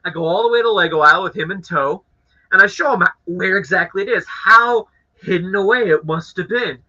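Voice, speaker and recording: High bright-voiced man ranting. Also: brisk. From Canada. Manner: animated, swearing, acts out angry voices. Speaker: live stream host. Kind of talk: casual storytelling to chat. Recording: dull lo-fi audio.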